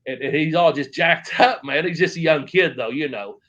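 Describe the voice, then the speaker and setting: A man's voice: fairly high pitch, moderate pace, a bit bright, lo-fi sound. Profane middle-aged man telling stories. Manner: rambling, profane, frequent restarts and quoted dialogue. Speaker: interview guest. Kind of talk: casual storytelling.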